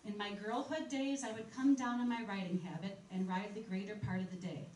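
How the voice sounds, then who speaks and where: A woman presents a museum history program, chatting easily between passages she reads aloud from old articles. Her voice has an ordinary middle pitch. She sounds distant from the microphone in a reverberant room, with a faint hiss underneath. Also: fairly even intonation, fairly quick, a little mellow. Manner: conversational, reading quotes aloud from old articles. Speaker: museum director giving a history talk. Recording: echoey room, speaker far from mic, faint noise.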